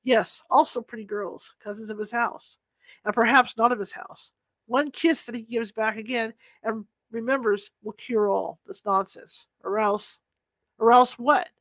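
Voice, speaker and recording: In an audiobook reading, a woman voices an excited, insistent male scholar, speaking urgently and earnestly. Her voice is a little high and unhurried, with no echo.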